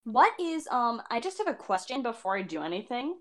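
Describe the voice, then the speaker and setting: A woman's voice: a little high, big pitch swings, fairly quick, fairly bright tone. A woman playing a tabletop game, asking questions hesitantly with lots of ums. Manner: hesitant, questioning, many fillers. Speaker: player.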